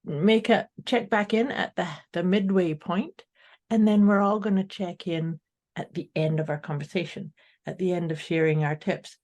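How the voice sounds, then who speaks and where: A woman's voice: fairly low pitch, fairly even intonation, moderate pace, a little mellow. A woman co-hosting a podcast in an upbeat, casual way, speaking directly to her listeners. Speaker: podcast co-host. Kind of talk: casual motivational chat.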